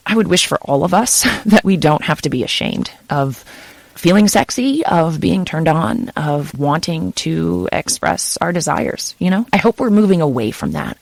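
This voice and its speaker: Gravelly-voiced chatty woman narrator. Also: deep voice, lively intonation, moderate pace, dry recording. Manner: chatty, filler-heavy with frequent "kind of" and "you know". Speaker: audiobook narrator. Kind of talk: casual interview answers.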